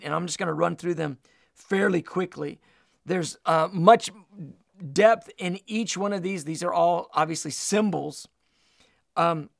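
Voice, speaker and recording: A man's voice: sits high, vocal fry, no echo, studio quality. A man preaching a sermon, earnest and repeating words as he goes.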